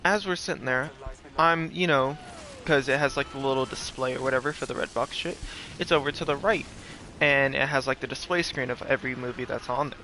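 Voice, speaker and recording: A man's voice: mid-range voice, brisk, sharp tone. A man telling a rambling, profane story in a casual way, with lots of fillers. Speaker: streamer.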